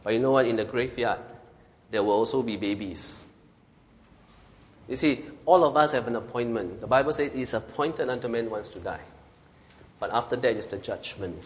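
A man's voice: mid-range voice, normal speed, long pauses. A man preaching a sermon who reads scripture aloud and drives his points home by repeating them with emphasis. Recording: reverberant hall.

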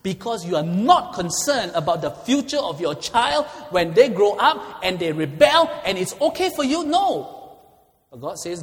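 A man preaching a fiery sermon in a church hall, swinging between loud declarations and hushed asides. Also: sits high, very animated, a little slow. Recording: long hall reverb.

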